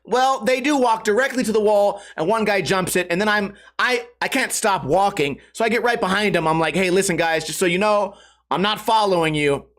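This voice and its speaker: A man's voice: a little fast, fairly bright tone. A man hosting his own podcast, telling a rambling, profane, self-mocking story and jumping his voice up when he acts out other people. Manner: raises pitch sharply when acting out others. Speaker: podcast host. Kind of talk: casual storytelling monologue.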